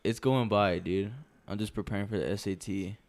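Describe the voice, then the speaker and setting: Laughing teenage guy with a lowish voice. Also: steady tone, moderate pace, a little mellow. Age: teens. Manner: laughs often, talks back. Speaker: podcast co-host. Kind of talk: casual podcast banter. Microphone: headset mic close to mouth.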